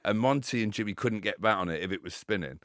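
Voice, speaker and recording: A man's voice: fairly low pitch, fast, fairly bright tone, no echo, clean studio sound. An English man in his forties, a former cricketer, chatting and telling stories with laughs and swearing. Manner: storytelling, laughing, swearing, mimics others. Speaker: former England spin bowler, guest. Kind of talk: casual podcast chat.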